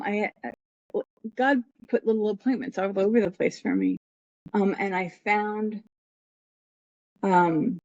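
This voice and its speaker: Middle-aged woman rambling through a personal story, dull muffled sound, dry with no room echo. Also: medium pitch. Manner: rambling, acts out quoted people in her story. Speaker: podcast guest.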